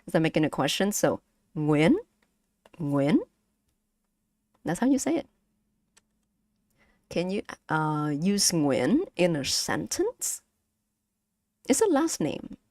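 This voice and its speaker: Slow, halting woman with a Vietnamese accent. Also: fairly low pitch, big pitch swings, darkish tone, no room sound, clean studio sound. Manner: slow, halting, many fillers and repeats, laughs often. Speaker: streamer teaching Vietnamese. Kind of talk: casual language lesson stream.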